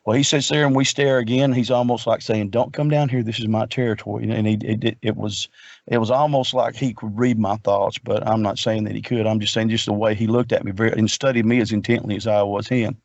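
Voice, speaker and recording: Guy in his middle years, low-ish voice, earnest rambling story, dry dull lo-fi sound. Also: fairly even intonation, fairly quick, no echo. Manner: earnest, rambling, repeats words. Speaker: guest researcher. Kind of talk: casual storytelling.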